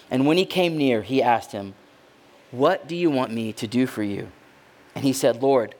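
Male pastor, sermon delivery; high-pitched, very expressive voice that swings between hushed asides and loud dramatic outbursts.

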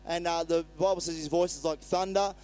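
A man's voice: on the high side, fairly even intonation, brisk, a little mellow, faint music behind, rough recording. A male pastor giving a sermon in a conversational way, retelling scripture and acting out the quotes.

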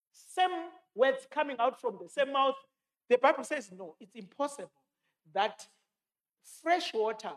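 A man preaching a sermon, quoting scripture and repeating his key lines for emphasis. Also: very high-pitched.

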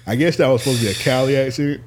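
Racing along in a mid-range voice, a podcast co-host swaps stories in a casual conversation. His storytelling is animated, with frequent laughter and quotes acted out.

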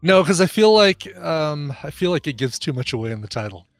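Male co-host, higher, animated voice, quick joking sidekick in casual podcast chat. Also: faint music behind. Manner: playful, joking banter.

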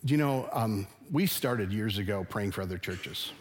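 A man's voice: lowish voice, lively intonation, moderate pace. Earnest middle-aged male pastor preaching. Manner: earnest, conversational preaching with rising emphasis. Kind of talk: sermon. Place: church sanctuary.

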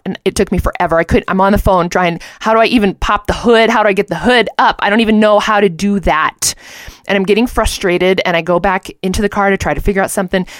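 A woman in her thirties co-hosting a faith talk show, telling a story in a lively way and acting out the voices of the people in it. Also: medium pitch, no room sound, studio quality. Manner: animated storyteller, acts out quotes. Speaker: co-host.

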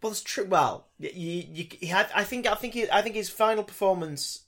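A man's voice: high-pitched, a little fast, a bit bright. A man co-hosting a casual comedy podcast, playful, crude and mock-grandiose. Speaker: podcast co-host.

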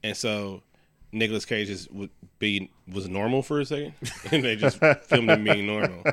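A man co-hosting a casual podcast, retelling a movie scene by scene in an animated way and slipping into voices for the characters. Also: fairly low pitch, moderate pace, no echo. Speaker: podcast co-host. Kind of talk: casual movie recap chat.

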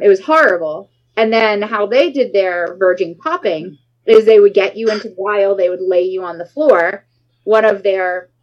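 A woman in her forties, a guest in a casual interview, telling a story with dramatic, animated retellings and acted-out quotes. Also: mid-range voice, dull audio.

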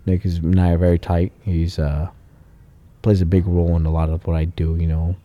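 A man's voice: deep voice, a little fast, phone-quality sound. A man who builds cars and runs a shop, talking casually and telling stories full of swearing. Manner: animated storyteller, swears a lot. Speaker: car builder and shop owner. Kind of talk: casual podcast chat.

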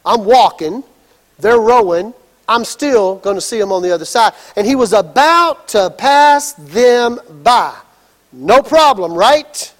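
A pastor delivering a sermon, acting out the story with lively asides and shouts. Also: male voice, sits high, slow pace, in a large hall. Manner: animated storytelling, acts out scenes and shouts.

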